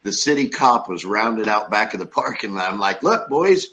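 A man's voice: lowish voice, moderate pace, sharp tone, low-quality recording. A man who leads a home church group, telling the group an upbeat, rambling story in loose run-on sentences.

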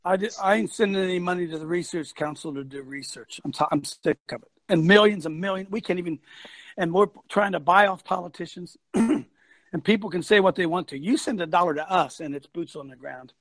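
A man hosting a talk show, ranting loudly with preacher-like fire, shouting and laughing as he goes. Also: high-pitched, fairly quick, dry recording. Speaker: host.

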